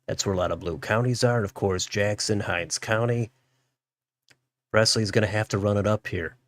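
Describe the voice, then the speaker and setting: A man's voice: lowish voice, normal speed, no room sound. A man hosting a political livestream, musing aloud as he reads out election results. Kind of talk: live election results commentary.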